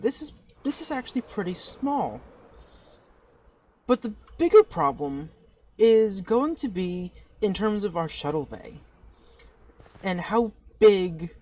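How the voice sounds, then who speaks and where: A woman talks through her own gameplay in a relaxed commentary style. She is excitable, thinks aloud and trips into restarts as ideas come to her. Her pitch sits mid-range, and faint background noise sits under the voice. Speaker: channel host.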